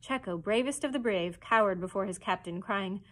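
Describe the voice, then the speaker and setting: A woman librarian reading a children's chapter book aloud with expressive storytelling narration. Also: mid-range voice, normal speed.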